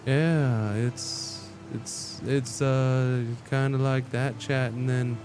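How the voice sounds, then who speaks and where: Speaking very slowly in a mid-range voice, a man streams a game with music playing behind him. His casual chat turns into an animated, rambling story full of restarts.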